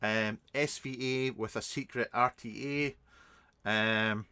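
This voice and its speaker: A man's voice: mid-range voice, fairly even intonation, slow pace, bright, forceful tone, clean tone, no room sound. A man, a reviewer hosting a casual live stream, answering viewers in a rambling, chatty way with many ums and restarts.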